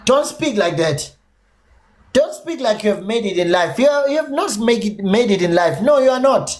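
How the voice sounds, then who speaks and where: A man's voice: high voice, animated, brisk, a little mellow, a little hiss or hum. A South African man with a Zulu accent, holding forth on his own livestream in a heated rant. He is combative and swears freely. He drops in and out of Zulu mid-sentence as he scolds his viewers. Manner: combative, profane, mixes English with Zulu. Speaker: livestream host.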